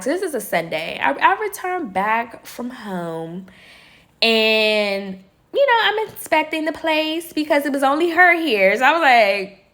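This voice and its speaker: Lively, chatty young woman telling a story. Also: mid-range voice. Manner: animated, chatty, swears freely, addresses viewers as y'all. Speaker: vlogger. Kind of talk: storytime chat while doing nails.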